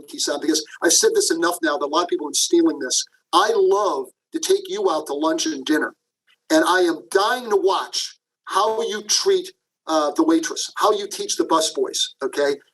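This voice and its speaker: Middle-aged man, high-pitched, animated interview guest who acts out his anecdotes. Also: low-quality recording. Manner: animated, acts out quotes, frequent "okay?" asides. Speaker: guest, leadership professor. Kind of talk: podcast interview, storytelling.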